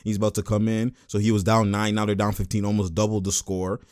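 A man giving a casual, excitable breakdown of basketball game footage, with lots of slang and exclamations. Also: lowish voice, fast talker, no echo, studio quality. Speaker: basketball commentator.

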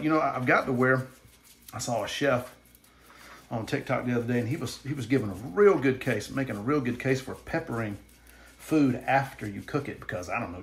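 Folksy rambling southern American man. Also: medium pitch. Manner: folksy, rambling, self-deprecating. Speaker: cooking channel host. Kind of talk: casual cooking vlog. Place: home kitchen, then outdoor grill.

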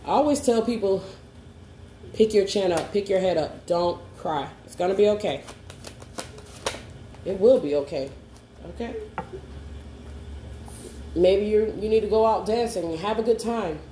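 A woman's voice: mid-range voice, measured pace, pauses often, warm tone. A woman doing a spoken tarot reading to camera. She is reassuring and coaxing, and keeps checking in with "okay?". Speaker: tarot card reader. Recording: roomy echo, faint background hum.

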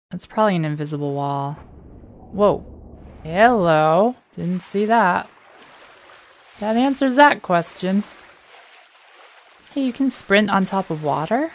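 Slow-talking woman gamer, teasing. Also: mid-range voice. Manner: chatty, teasing the enemies. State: slightly hoarse. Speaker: gamer playing a shooter. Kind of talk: casual let's play commentary.

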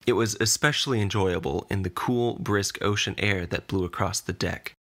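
A man narrating a fantasy story in an even storytelling delivery. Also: lowish voice, normal speed.

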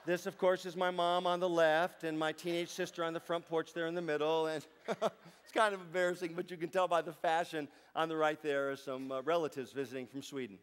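A man doing stand-up comedy, telling stories on stage to a live audience in a playful, chatty way with deadpan asides. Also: fairly high pitch, a little fast, smooth.

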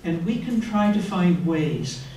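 Older nun speaking from far back. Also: female voice, lowish voice, lively intonation, unhurried, mellow, a little hiss or hum. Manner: earnest, personal, conversational. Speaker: religious sister giving a retreat talk. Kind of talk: retreat talk. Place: retreat hall. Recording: echoey room, mic far off.

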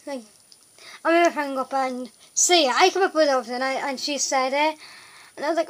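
Young woman, casual vlog chat, high voice, rambling and flustered, heavy filler words. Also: moderate pace, a bit bright, rough recording. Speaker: vlogger.

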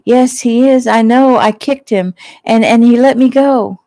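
A frightened, tearful young woman cries out in a raised, shaky voice, as a woman reading a novel puts her on. The tone stays mellow and soft-edged even when it rises. It sounds close and dry. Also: measured pace, no room sound. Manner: high, urgent and shaky.

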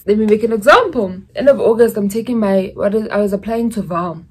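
A woman's voice: mid-range voice, a little fast, a little mellow, husky. A young woman from South Africa with a South African accent, chatting casually in a vlog and slipping in Zulu phrases as she rambles through stories. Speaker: YouTuber.

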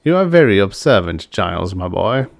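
A man voicing a fat, jovial, scheming crime boss with a suave, pompous, unhurried manner in a science fiction audiobook. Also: sits low, sing-song, creaky, no room sound, studio quality, full character voice.

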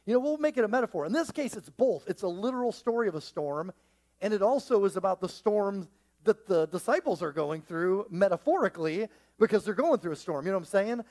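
A male pastor preaching a sermon to his congregation, animated and joking, swinging between hushed and loud. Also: sits high, a little fast. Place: church with a live congregation.

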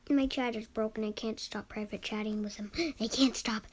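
A woman giving casual commentary while gaming, excitable, often dropping into whispers and repeating words over and over. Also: a little high, moderate pace, slightly rough. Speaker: gamer.

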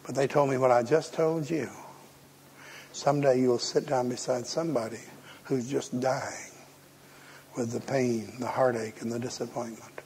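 A man's voice: medium pitch, steady tone, moderate pace, darkish tone. A man preaching a folksy, humorous sermon and acting out the voices he quotes. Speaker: pastor.

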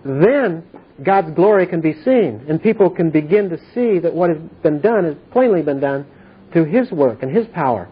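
This Bible study leader is a man whose fairly high, husky voice stays animated at a moderate tempo. Earnest and repetitive, he keeps pausing his explanations to ask whether people understand, all captured on tinny, phone-like sound.

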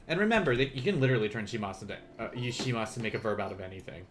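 A man's voice: mid-range voice, racing, hardly any pauses, fairly bright tone, a little hiss or hum. A man teaching a beginner language class on a live stream, asking the chat questions and encouraging them to try.

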